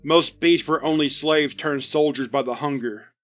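A man reading the part of a starving, apologetic monster-man soldier, speaking slowly and softly in a begging tone. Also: on the high side, steady tone, faint music behind, natural voice. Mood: pleading. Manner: slow, soft, begging.

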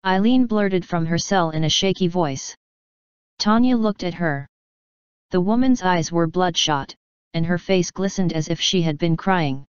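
A woman reading fan fiction aloud in a measured narration. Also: on the low side, clear, resonant tone, no room sound, dull audio. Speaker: fanfiction reader. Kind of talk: audiobook narration.

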